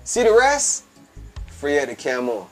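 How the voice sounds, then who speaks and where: A man makes his points with emphatic, repetitive force, over and over addressing his host as "B". His voice sits fairly high. Faint music plays underneath. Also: huge pitch swings, a little slow. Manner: emphatic, calls the host "B" again and again, repeats phrases. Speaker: guest fashion entrepreneur. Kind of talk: animated casual talk.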